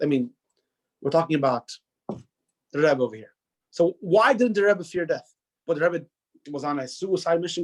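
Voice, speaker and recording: A man teaching a religious class in a loose, conversational way, often restarting sentences and putting questions to the students. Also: on the high side. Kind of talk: informal classroom lecture.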